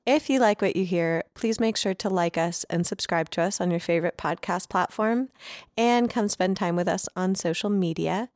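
A woman's voice: on the low side, moderate pace, darkish tone, no echo, distant mic. A woman hosting an interview podcast, chatting casually and laughing often. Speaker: podcast host. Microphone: remote recording.

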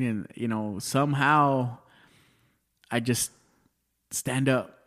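A man in his thirties with a twang and an ordinary middle-pitched voice rambles through a story at normal speed during a relaxed podcast chat. He swears freely, restarts sentences and keeps dropping in "dude".

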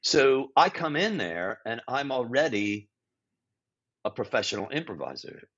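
A husky man in his sixties tells stories in an interview, his pitch swinging up and down as he goes. He restarts and corrects himself often and swears bluntly now and then. The audio sounds dull and lo-fi. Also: measured pace. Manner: animated, frequent restarts and self-corrections. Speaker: guest improviser and teacher. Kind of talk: storytelling interview talk.

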